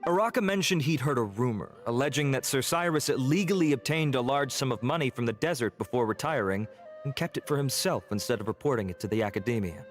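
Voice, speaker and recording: A courteous, earnest investigator from a game, voiced by a man. He speaks in an even middle pitch, formal and measured, as if delivering a report. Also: faint music behind, natural voice. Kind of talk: game voice acting.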